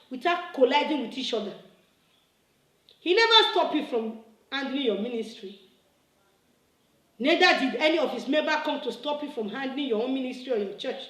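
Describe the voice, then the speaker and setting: A woman's voice: high voice, echoey room, rough recording. A woman, delivering an impassioned, scolding video reply that repeats its points and builds to emphatic bursts. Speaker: church member making a video reply. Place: her room, indoors.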